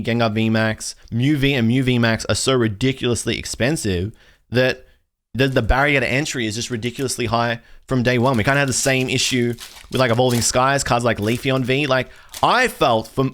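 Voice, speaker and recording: A man's voice: mid-range voice, fairly bright tone. A young man hosting a casual pack-opening video, ranting in an exasperated, rambling way with frequent restarts. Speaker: card collector video host.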